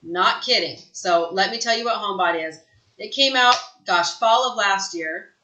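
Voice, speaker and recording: A woman runs a sales training session with punchy, emphatic delivery, often checking in with a quick "right?". Her voice is bright and forceful, and the room around her rings with noticeable echo. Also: medium pitch, muffled recording, a little hiss or hum. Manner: emphatic, energetic, tags lines with "right?". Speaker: real estate sales trainer. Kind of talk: live online training talk.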